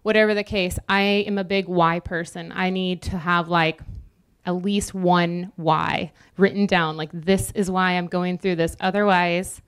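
Woman preaching in a smooth, chatty way. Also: lowish voice, fairly even intonation, unhurried. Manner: conversational, jokes with the congregation. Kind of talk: sermon.

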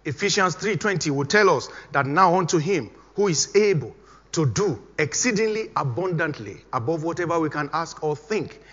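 High, bright-voiced pastor preaching. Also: male voice, lively intonation, moderate pace. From Nigeria. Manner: emphatic, repeating exhortations. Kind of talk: sermon. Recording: dull recording with long hall reverb.

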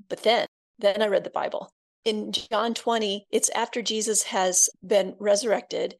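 Earnest woman guest sharing faith. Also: medium pitch. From Iowa. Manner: earnest, heartfelt, soft intimate asides. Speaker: guest author. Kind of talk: faith podcast interview storytelling.

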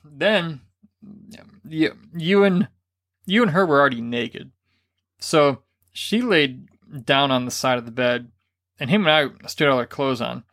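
Male podcast co-host, slightly higher voice, animated storyteller who acts out quotes. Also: unhurried, long pauses. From grew up Catholic. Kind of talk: casual storytelling chat.

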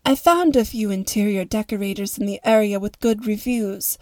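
A woman's voice: medium pitch, normal speed, a little mellow, dry recording, lightly acted. A woman voicing a wealthy, formal older lady who talks in a precise, fretful way.

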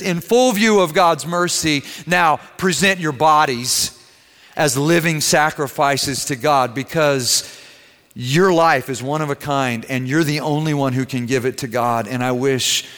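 A man preaching a sermon, telling a story with loud emphatic peaks that drop to hushed, slow endings. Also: medium pitch. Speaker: pastor. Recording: large hall reverb.

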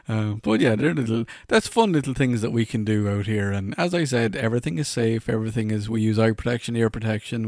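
A man's voice: lowish voice, darkish tone, no echo, clean studio sound. An Irish man in his forties, a podcast host rambling through funny anecdotes and laughing at his own stories. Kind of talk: casual anecdotal storytelling.

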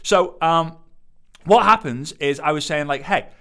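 A man, coaching an audience in an energetic, emphatic way and repeating phrases for effect. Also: a little high, a little slow. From Liverpool, England. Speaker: business coach. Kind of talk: motivational teaching to camera.

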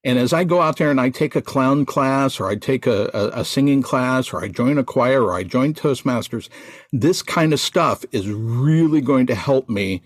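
An American man who teaches Santa performers talks through his advice in an emphatic, teacherly way. His voice is husky and slightly breathy. It is recorded dry and close, with no room sound. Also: medium pitch, animated, normal speed, no room sound. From United States. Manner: emphatic, teacherly, repeats points. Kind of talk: instructive podcast talk.

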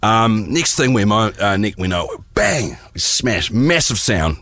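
A man's voice: fairly low pitch, sing-song, measured pace, fairly bright tone, no room sound. A man in his thirties telling a long rambling story as a podcast guest, laughing his way through it. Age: 30s. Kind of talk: casual podcast anecdote.

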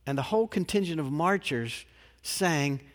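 Male pastor, sermon, measured and emphatic, rhetorical questions, long church reverb. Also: fairly high pitch, animated. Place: large church sanctuary.

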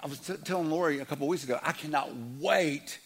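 A man in his fifties preaching a sermon as a pastor, earnest, dropping to a hush and then rising loud, often repeating his words. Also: fairly high pitch, fairly even intonation, fast talker.

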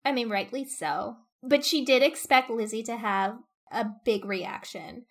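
A woman discussing a novel in casual chat, thoughtfully explaining the plot and acting out quick quotes. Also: fairly high pitch.

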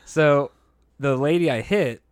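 A man's voice: fairly high pitch, takes it slowly, clear, resonant tone, no room sound, studio quality. A man casually telling a story on a podcast, acting out quotes and laughing often, a bit nasal from a hurt nose.

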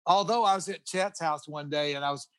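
A middle-aged man spins loose, rambling stories with restarts and little chuckles, as a guest in a relaxed chat. His voice sits a touch high for a man. The sound is dry and close, with no room around it. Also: brisk, no echo. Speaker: guest guitarist. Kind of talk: casual storytelling interview.

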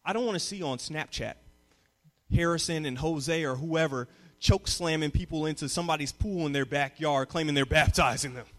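A young man preaching a sermon as a youth pastor, moving from calm teaching to loud call-and-response. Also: a little high, normal speed. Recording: long reverb of a hall.

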